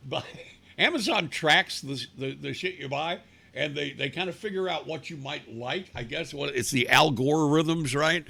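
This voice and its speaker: A man's voice: a little high, vocal fry, sharp tone. A man hosting a talk show from his living room, rambling bluntly and crudely with many restarts. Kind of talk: casual rambling monologue on a livestream.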